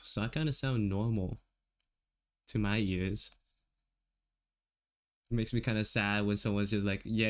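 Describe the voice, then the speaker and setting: An American man streaming while he draws, chatting casually with his viewers and laughing often. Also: on the low side. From United States. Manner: relaxed, laughs often, talks to chat. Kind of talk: casual chat while drawing.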